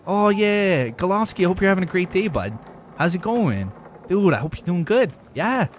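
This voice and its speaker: A man voicing an exaggerated, friendly Canadian guy with a Canadian accent, chatting in a high, sing-song drawl. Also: sing-song, moderate pace, slight background noise.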